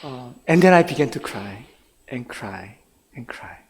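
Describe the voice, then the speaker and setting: In a church sanctuary filled with long reverb, a middle-aged pastor raised in Brooklyn, New York, tells his personal story in a bilingual English-Korean sermon. His mid-range voice is animated and measured, and he laughs occasionally as he speaks.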